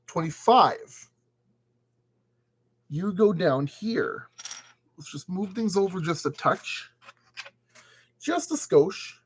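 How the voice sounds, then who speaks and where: A man's voice: high-pitched, expressive, slow pace, long pauses, a bit bright, slight background noise. A man building a model kit and commenting casually as he works, playfully talking to the parts. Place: at a work table.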